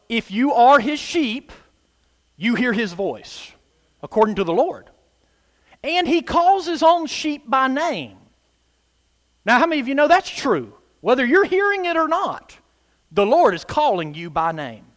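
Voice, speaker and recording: A man preaching with a high voice that swings widely in pitch. He talks emphatically and throws call-and-response asides to his listeners, and the sound carries a long hall reverb. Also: fairly bright tone. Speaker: pastor. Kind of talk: sermon.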